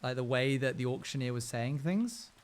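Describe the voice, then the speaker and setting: A man's voice: medium pitch, normal speed. A young man live-streaming a game, chatting casually with his viewers in a rambling, self-amused way.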